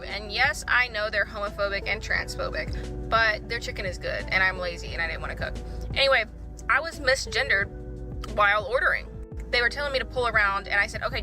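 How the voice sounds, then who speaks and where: A woman telling a grievance story to camera in a casual, complaining monologue. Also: mid-range voice. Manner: complaining, explanatory. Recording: music under the voice.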